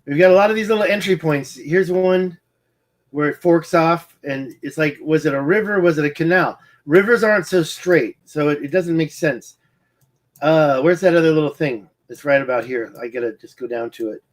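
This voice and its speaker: Presenting satellite maps over a screen-share, this male independent researcher speaks at a normal pace in a voice on the high side. Hiccuping and with a twitching eye, he wanders off track, mumbling and restarting his sentences as he corrects himself.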